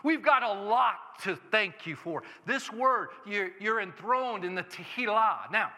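A male pastor delivers a sermon, his voice high and bright. He moves from quiet, conversational teaching to loud exclamations, and a long church reverb trails each phrase. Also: expressive, measured pace. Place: church sanctuary. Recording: echoey church hall.

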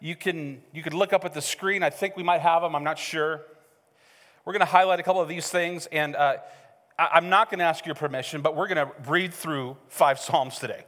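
An American man preaching a sermon to his church, talking conversationally and building to excited, rousing preaching. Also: fairly high pitch, fairly quick. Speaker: pastor. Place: church sanctuary. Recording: long reverb of a large hall.

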